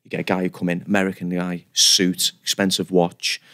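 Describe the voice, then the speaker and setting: A man, sitting in as a guest on a chatty podcast. He talks fast and tumbles through his stories with restarts, poking fun at himself, and his lowish voice carries a gravelly edge. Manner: animated, self-deprecating, rambling with restarts. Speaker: guest barber. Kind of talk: casual podcast storytelling.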